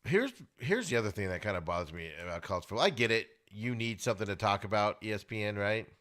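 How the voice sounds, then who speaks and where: A man hosting a sports podcast, giving opinionated casual commentary and getting loud and high when worked up. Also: lively intonation, quick pace. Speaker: podcast host. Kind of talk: casual sports talk monologue.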